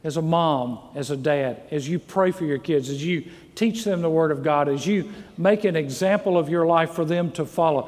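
A man's voice: fairly high pitch, moderate pace, few pauses, darkish tone. A middle-aged male pastor preaching a sermon, earnestly posing repeated questions to his congregation in a church. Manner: earnest, repetitive rhetorical questions. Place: church sanctuary. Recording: long hall reverb. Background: congregation calls amen.

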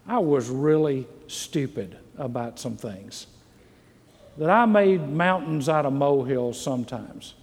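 A man's voice: fairly high pitch, darkish tone. A middle-aged male pastor preaching a sermon, earnestly posing repeated questions to his congregation in a church. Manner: earnest, repetitive rhetorical questions. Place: church sanctuary. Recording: long hall reverb. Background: congregation calls amen.

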